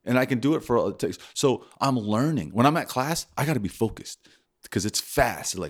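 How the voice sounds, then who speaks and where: A man's voice: medium pitch, normal speed, husky. A young man in casual podcast chat, telling stories and acting out his own reactions. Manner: animated storyteller, acts out his own reactions. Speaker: podcast co-host.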